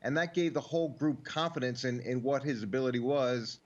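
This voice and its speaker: A man's voice: mid-range voice, muffled recording. A man, a former coach, giving sports analysis, repeating words as he talks. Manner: halting, repeats words often.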